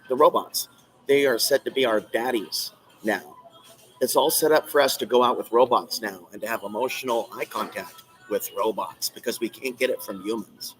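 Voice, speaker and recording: A man's voice: mid-range voice, fairly bright tone, rough recording. A man hosting a live stream, ranting in an agitated, rambling, repetitive way from a coffee shop. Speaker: channel host.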